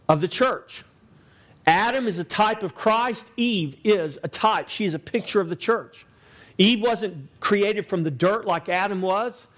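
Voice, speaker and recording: High-voiced emphatic male preacher. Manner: emphatic, repetitive preaching cadence. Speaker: pastor. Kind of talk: sermon.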